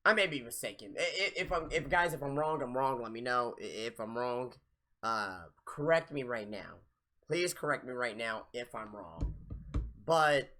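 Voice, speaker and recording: A young man hosting a live wrestling review, ranting in a profane, exasperated way with sudden loud outbursts. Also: a little high. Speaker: podcast host reviewing wrestling.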